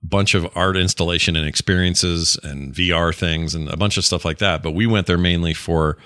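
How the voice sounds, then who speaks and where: A man's voice: low-pitched, steady tone, moderate pace, sharp tone, no room sound, studio quality. A man from Utah co-hosting a podcast, chatting in a rambling, joking, self-deprecating way. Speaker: podcast co-host. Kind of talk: casual chat.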